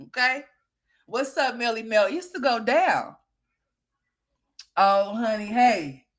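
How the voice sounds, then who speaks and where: Brief: high-pitched woman host, sassy gossip commentary, teasing, laughs often. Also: lively intonation, slow pace. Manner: sassy, teasing, laughs a lot, calls people girl and honey. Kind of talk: gossip commentary over played clips.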